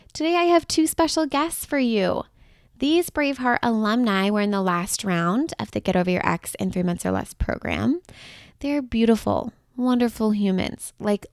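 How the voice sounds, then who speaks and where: A woman hosting her own podcast as a breakup coach, gushing and affectionate, pouring warmth into every phrase. She talks in a chatty, upbeat way, with little laughs and restarts. Her voice sits at an ordinary middle pitch and sounds dry and close, with no room around it. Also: dry recording. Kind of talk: solo podcast monologue.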